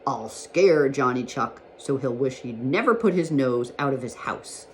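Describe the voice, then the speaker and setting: A woman voicing a sly, scheming male fox in a children's storybook read-aloud, with a low, gleeful menace. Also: lively intonation, measured pace, slight background noise.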